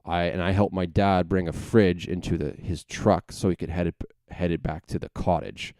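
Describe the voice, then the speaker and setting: A young man rambling through a story as a podcast host, swearing freely and correcting himself mid-sentence. His voice sits low and mellow, and it comes across smooth and resonant. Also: steady tone, normal speed, dry recording. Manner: rambling, profane, full of self-corrections. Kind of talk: casual storytelling monologue.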